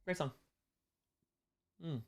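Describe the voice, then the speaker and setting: A man with a hoarse, worn-out voice hosting a casual live Q&A, joking and rambling as he reads chat questions. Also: drawn-out words, darkish tone. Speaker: live stream host answering chat.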